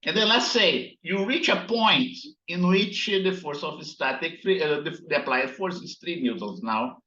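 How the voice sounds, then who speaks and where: A man teaching a physics class, slowly explaining while working on slides and often checking in with "right?". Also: a little high, animated, sharp tone. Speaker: physics instructor. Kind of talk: recorded classroom lecture. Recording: echoey, dull lo-fi room sound.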